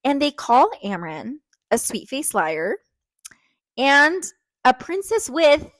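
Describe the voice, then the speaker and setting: Chatty young woman, bright and dry. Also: high-pitched, very animated, takes it slowly, no echo. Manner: chatty, many likes and restarts. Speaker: podcast co-host. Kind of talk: casual book discussion chat.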